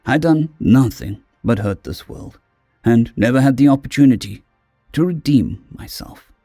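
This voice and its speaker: Male audiobook narrator, animated delivery, warm dark tone, dry close mic. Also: medium pitch, unhurried, no room sound, soft background music. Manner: expressive, dramatic storytelling. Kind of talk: first-person audiobook narration.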